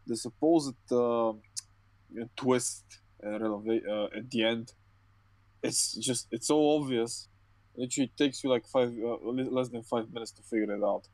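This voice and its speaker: A man's voice: mid-range voice, normal speed, a little mellow, dry recording. A tired young man in a dry, close recording rants on a podcast. He swears freely, stumbles and restarts his sentences, and works himself up as he complains. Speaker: podcast co-host. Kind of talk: casual chat.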